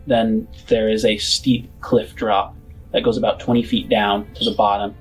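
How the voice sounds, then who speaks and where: A man narrating as game master of a tabletop game, describing scenes in an unhurried, casual way. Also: fairly low pitch, little pitch movement, soft background music, poor audio.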